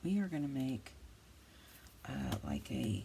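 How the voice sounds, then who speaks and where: A woman's voice: very deep voice, wildly swooping pitch, measured pace, warm tone, a little hiss or hum. A woman hosting a casual crafting tutorial, chatting and thinking aloud, muttering to herself as she works. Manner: chatty, mutters and scolds herself while working. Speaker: crafting channel host.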